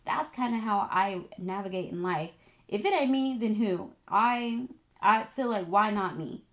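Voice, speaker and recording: Animated young woman telling a story. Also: mid-range voice, a little slow. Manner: animated, emotional, chatty with many "like"s. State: tearful at times. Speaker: vlogger, esthetics student. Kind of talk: casual storytelling to camera.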